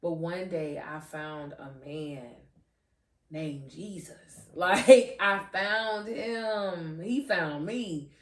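Woman podcast host, low-ish voice, slow and giggly, set back from the mic in an echoey room. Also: far from the mic. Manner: animated, giggly, trips over words; restarts and repeats phrases. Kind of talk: faith podcast talk. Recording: roomy echo, voice off-mic.

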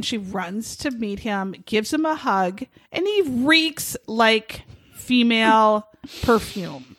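A woman's voice: a little high, lively intonation, takes it slowly, a bit bright, dry recording. A woman co-hosting a casual chat, telling a story animatedly, acting out quotes and swearing freely. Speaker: podcast co-host.

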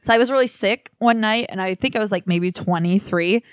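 A woman's voice: mid-range voice, fairly quick, dry recording. A young woman co-hosting a podcast, telling crude stories with laughs and reading a poem aloud. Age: young adult. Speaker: podcast co-host.

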